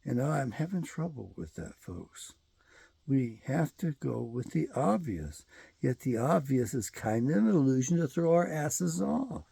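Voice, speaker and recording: A man's voice: mid-range voice, big pitch swings, measured pace, gravelly, mellow, breathy edge, dry recording. A man hosting his own show, delivering a rambling, profane and emphatic solo commentary monologue. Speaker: show host.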